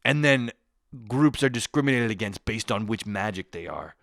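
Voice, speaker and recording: A young Canadian man tears through a profane comedic rant, his low voice swinging widely as he gets worked up. The sound is dry and close, with no room around it. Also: moderate pace, vocal fry, no echo. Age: 20s. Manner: profane, animated, ranting with bursts of mock voices. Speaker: comedian podcast host.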